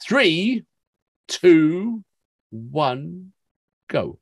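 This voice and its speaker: A man's voice: fairly high pitch, sing-song, extremely slow, a little hiss or hum. A man co-hosting a music reaction video, chatting casually, laughing easily and giving short agreeing replies. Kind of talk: casual chat.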